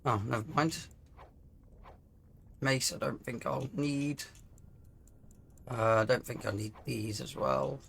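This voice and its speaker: Slow, gravelly man narrating gameplay. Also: mid-range voice, a little hiss or hum. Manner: relaxed, musing aloud over game menus. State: throat rough from coughing. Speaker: gaming channel host. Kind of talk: casual let's-play commentary.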